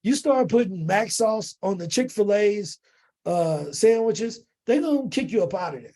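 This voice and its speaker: Husky high-voiced man telling a story. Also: lively intonation, mellow. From United States. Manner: casual slang, acts out quick dialogue. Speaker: podcast guest. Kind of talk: animated storytelling in an interview.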